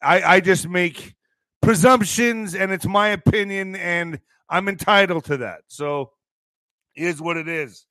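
A man talks to his live-stream viewers in a loose, rambling monologue and tells stories as he goes. His voice sits a little high and rings bright and forceful. He breaks into loud shouts now and then, and the sound is close and dry. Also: unhurried, no echo. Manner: rambling, storytelling, bursts of shouting. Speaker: online show host.

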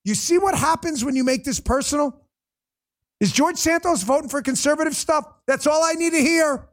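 A man's voice: extremely high pitch, moderate pace, a bit bright. A man hosting a political livestream, ranting bluntly and profanely and talking straight to viewers in the chat. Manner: addresses viewers in the chat directly. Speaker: political commentary host. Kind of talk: livestream commentary rant.

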